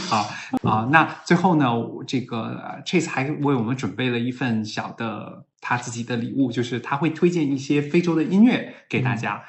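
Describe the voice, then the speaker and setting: A man hosting a talk in a lively, casual way who laughs often and switches between two languages. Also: medium pitch, moderate pace, roomy sound. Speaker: host.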